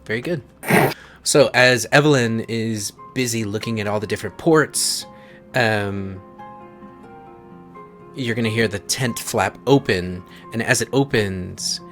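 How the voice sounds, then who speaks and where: A man's voice: on the low side, a bit bright. A man narrating a tabletop game as game master, hesitant with many ums.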